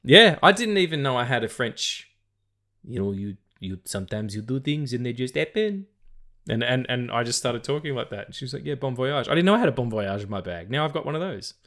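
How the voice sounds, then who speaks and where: A man's voice: mid-range voice, sing-song, a little fast, a bit bright. A man with an Australian accent hosting a podcast, rambling and swearing freely as he chats. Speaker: podcast host. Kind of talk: casual chat.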